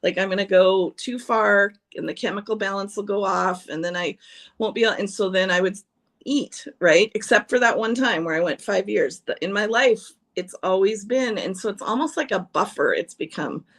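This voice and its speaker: On a livestream, a woman shares personal stories in a chatty, casual manner, laughing often and restarting her sentences. Her mid-range voice moves at a moderate pace and has a fairly bright tone.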